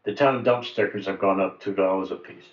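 A man's voice: sits low, steady tone, a little fast. A man on a town committee talking in a rambling way with dry jokes. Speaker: committee member. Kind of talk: meeting discussion. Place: meeting room. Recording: roomy, dull lo-fi meeting audio.

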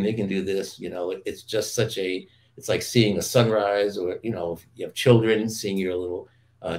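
A man chatting casually as a show host, reflective and rambling, with many pauses and fillers. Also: deep voice. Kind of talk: casual chat.

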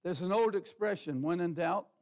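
A male pastor preaches in a church with a high-pitched voice and a gravelly edge. He talks to his congregation in a folksy, homespun way, says "ain't", throws out rhetorical questions and calls on people by name. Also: moderate pace, a little mellow. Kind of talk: sermon. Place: church sanctuary.

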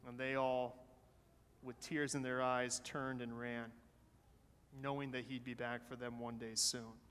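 Slow, animated storytelling pastor. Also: male voice, medium pitch, clean tone. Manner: animated storyteller voicing characters. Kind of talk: sermon storytelling. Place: church sanctuary. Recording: long church hall reverb.

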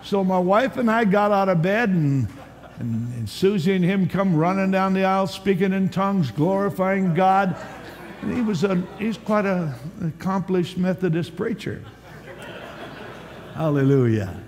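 A man preaching a sermon as a pastor at a church conference, telling stories with animated swings from loud to hushed. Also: high voice, measured pace. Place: large church hall at a conference. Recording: long hall reverb, faint background hiss.

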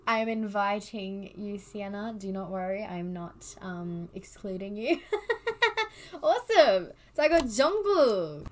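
Young woman, casual quiz vlogger, excitable and chatty, mid pitch, faint background noise. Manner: excitable, gushing, breaks into bits of song. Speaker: vlogger doing online quizzes. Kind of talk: casual chat while reading quiz questions aloud.

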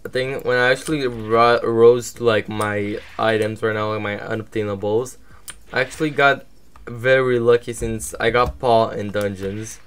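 A young man giving casual, low-key commentary while livestreaming a game, now and then flaring up at opponents. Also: steady tone, normal speed, clear, resonant tone. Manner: laid-back and low-key, flares up loud and angry at opponents. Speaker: streamer.

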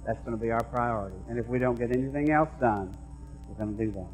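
A middle-aged man preaching a sermon as pastor, moving between quiet conversational asides and loud, emphatic repeated lines. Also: medium pitch, fast talker, soft background music, low-quality recording. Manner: conversational preaching that swings from hushed asides to raised emphatic repetition.

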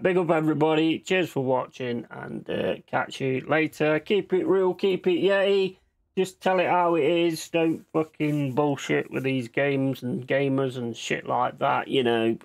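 A gaming channel host talks through his play in a mid-range, unhurried voice with fairly even intonation. The commentary is casual and chatty, laced with swearing and easy laughter.

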